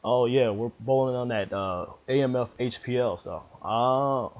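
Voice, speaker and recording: A man's voice: mid-range voice, a little slow, close to an everyday voice. A man doing a friendly, technical ball driller. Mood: helpful. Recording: dull lo-fi recording.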